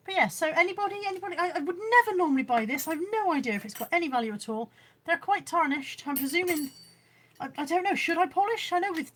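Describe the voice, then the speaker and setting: A middle-aged woman from Bristol, England, with a Bristolian accent hosts a livestream selling boot sale finds, chatting casually, reading viewer comments aloud, and poking fun at herself. Her voice is high-pitched and a bit bright, captured on a phone camera with a little hiss or hum.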